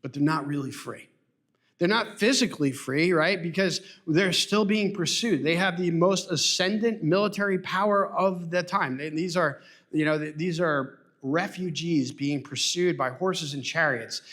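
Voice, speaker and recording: Guy preaching a sunday sermon, earnest, kinda high-ish voice, keeps asking rhetorical questions. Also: moderate pace, a bit bright. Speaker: pastor. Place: church sanctuary.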